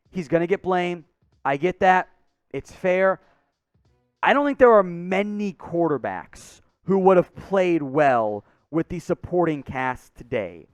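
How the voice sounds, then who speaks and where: A man hosting a sports show, ranting in frustration, his voice going hoarse. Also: on the high side, dry recording. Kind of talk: fired-up sports commentary.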